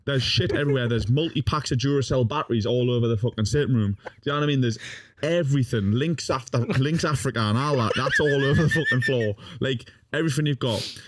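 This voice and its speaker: A man's voice: mid-range voice, quick pace, slight background noise. A young man, a podcast guest, telling a funny story in casual talk, swearing often and laughing as he goes. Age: young adult.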